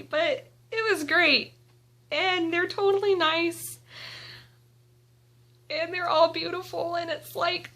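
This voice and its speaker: Young woman, high voice, bright tone, unhurried, giggly fangirl vlog storytelling. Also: fairly even intonation. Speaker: vlogger. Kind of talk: excited casual storytelling. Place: indoors at home.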